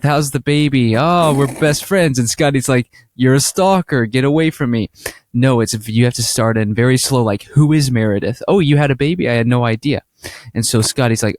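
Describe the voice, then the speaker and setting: Animated male podcast host telling stories. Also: mid-range voice, no echo, clean studio sound. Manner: animated storytelling, acts out quoted exchanges. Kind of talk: casual podcast chat.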